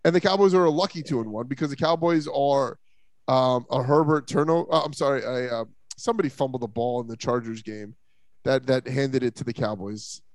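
A man's voice: medium pitch, brisk, no room sound. A man hosting a casual sports podcast, opinionated and emphatic, often stumbling over restarts. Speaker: podcast host.

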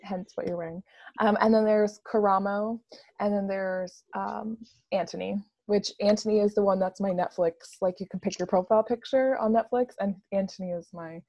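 A woman's voice: mid-range voice, fairly even intonation, moderate pace, warm tone, dry recording, muffled recording. Gushing young woman, casual chat. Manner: bubbly, gushing, lots of "like" fillers.

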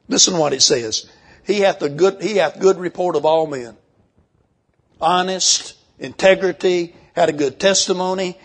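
An older man preaching a sermon, folksy and emphatic, slowing down when he reads scripture. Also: fairly high pitch, slightly rough.

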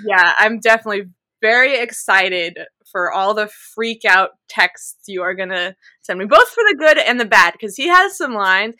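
A woman's voice: medium pitch, pushed and bright, dry recording. A young woman in casual chat about a book series, gushing and acting out quotes with lots of fillers. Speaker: book club co-host.

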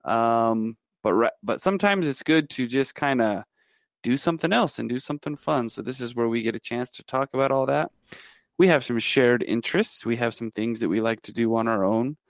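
A man's voice: mid-range voice, moderate pace, no room sound, clean studio sound. A man co-hosting a casual podcast, explaining things in a jokey, rambling way. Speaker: podcast co-host.

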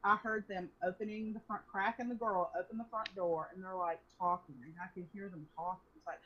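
A young woman casually telling an animated story to a friend, swearing freely. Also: mid-range voice, brisk, husky. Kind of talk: casual chat. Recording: dull lo-fi recording.

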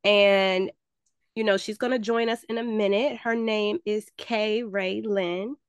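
A woman's voice: medium pitch, steady tone, unhurried, clean tone, no room sound, clean studio sound. A woman hosting a podcast in casual chat, a little stuffy in the nose, talking straight to her listeners. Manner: chatty, addresses listeners as y'all. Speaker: podcast host.

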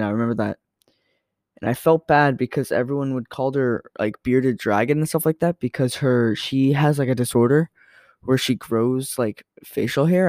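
A man's voice: mid-range voice, darkish tone, no echo. Young male podcaster, rambling casual storyteller, dry recording. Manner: rambling, filler-heavy, self-correcting. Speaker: podcast host.

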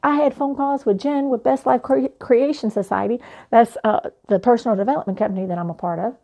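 A young adult woman, a life coach, telling a personal story in an animated, playful way. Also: a little high, a little fast.

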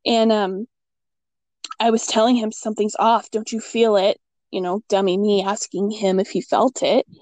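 A middle-aged woman telling a ghost story in casual chat, acting out her own quotes with big jumps in pitch. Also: level tone, normal speed, darkish tone, no echo.

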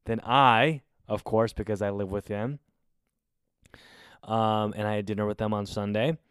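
A man in his twenties telling a story casually, in an animated and exasperated way with plenty of swearing. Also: lowish voice, measured pace, clean tone, no room sound, clean studio sound. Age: 20s. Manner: animated, profane, exasperated retelling. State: recovering from covid.

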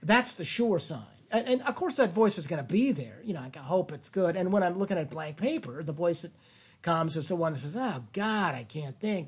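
A man talking as a guest in a casual interview, playful and lively, with many restarts. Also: high-pitched, breathy edge. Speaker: guest, creative thinking consultant.

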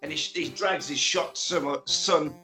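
High bright-voiced man. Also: takes it slowly, faint music behind. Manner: animated, joking retelling with acted-out quotes. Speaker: podcast co-host. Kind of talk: casual chat recapping a film.

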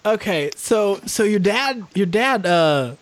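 Animated high-voiced male co-host, riffs eagerly, dry close recording. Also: slow pace, no room sound. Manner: eager, excitable interjections and riffing. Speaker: podcast co-host. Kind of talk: casual podcast chat.

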